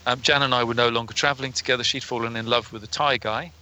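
A man with a bright, clear voice chats about his travels in a relaxed group conversation. He tells his stories loosely and laughs often. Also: medium pitch, quick pace. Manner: chatty storyteller, laughs often. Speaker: podcast guest, motorcycle traveller. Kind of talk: casual group chat on a call.

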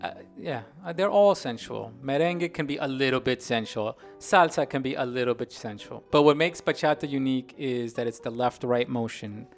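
Animated man chatting on a podcast. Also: medium pitch, moderate pace, few pauses, soft background music. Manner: animated, sings out rhythms with vocal sounds. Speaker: podcast co-host. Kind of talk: casual chat about dancing.

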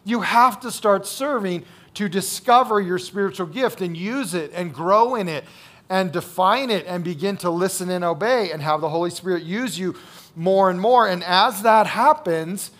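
A man's voice: high voice, fairly bright tone. A man preaching a sermon as pastor, in a conversational way, repeating key phrases and checking in with the listeners. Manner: conversational, checks in with "right?" and "okay?".

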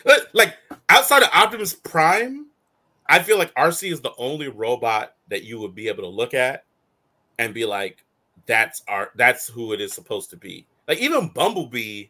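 Lively bright-voiced man riffing. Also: mid-range voice. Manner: animated, slangy, laughs often, acts out quotes. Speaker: show host. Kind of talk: casual movie review chat.

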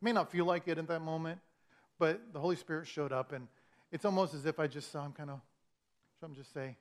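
A man's voice: on the high side, normal speed, long pauses. A man preaching through a funny personal story, acting out his own frustration in a self-mocking way. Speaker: pastor. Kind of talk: storytelling sermon.

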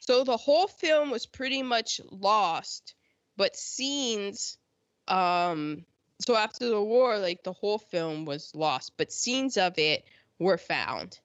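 A woman's voice: medium pitch, expressive, takes it slowly, no echo. An American woman hosting a casual history chat, sarcastic, often mocking people in quoted voices. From United States. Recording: dull lo-fi sound.

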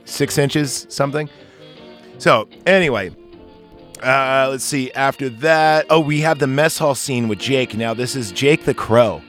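A man's voice: mid-range voice, a little slow, fairly bright tone, faint music behind. A man hosting a casual movie podcast, rambling and swearing freely. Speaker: podcast host.

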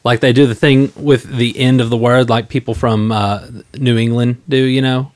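Brief: male co-host, mid-pitched, eager and stumbling over his words. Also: normal speed. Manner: animated, stammering explainer. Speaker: podcast co-host. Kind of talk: casual group chat about a tabletop game.

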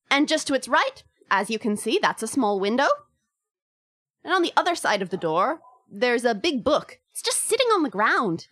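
A woman's voice: fairly high pitch, fairly bright tone, dry recording. A woman voicing a young Irish woman jailed as a witch, wry and a little grim, in a tabletop game. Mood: chatty.

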